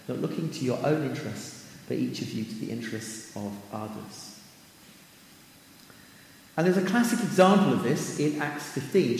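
A man's voice: on the high side, darkish tone, slight background noise. A man giving a sermon in a conversational way, with fillers and asides, quoting scripture at length. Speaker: preacher. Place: church hall. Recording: echoey hall with long reverb.

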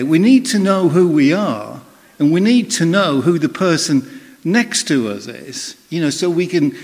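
A man preaching a sermon in a conversational, storytelling way, acting out the voices of people in his stories. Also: a little high. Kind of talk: sermon with personal anecdote. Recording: long reverb of a hall.

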